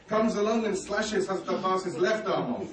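A man's voice: high voice, moderate pace, a little hiss or hum. A man preaching a mourning sermon, telling a story with emotion and grief. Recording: echoey hall, distant mic, faint ambience.

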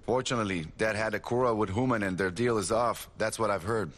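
A practical, blunt brother, voiced by an actor, speaking matter-of-factly. Slight reverb on the voice in this dubbed drama. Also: male voice, lowish voice, fast talker, fairly bright tone.

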